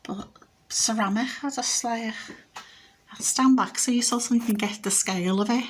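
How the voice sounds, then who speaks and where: A woman's voice: fairly high pitch, moderate pace, a little hiss or hum. A woman chatting casually in her home kitchen, showing thrift bargains in an upbeat, rambling way. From Britain. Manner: chatty and upbeat, with many fillers. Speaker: frugal living vlogger. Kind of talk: casual thrift haul chat.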